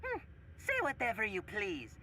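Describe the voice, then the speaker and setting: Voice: medium pitch, huge pitch swings, moderate pace, creaky, very noisy. A voice actor playing a small, pompous villain lord who speaks in a theatrical, sneering way.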